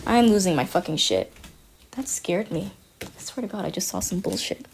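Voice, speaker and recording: A woman's voice: medium pitch, wildly swooping pitch, moderate pace, a little hiss or hum. A young woman talks loosely to her stream audience in a rambling, conversational way. She leans heavily on fillers and slips in nervous laughs between her thoughts. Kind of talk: casual stream chat.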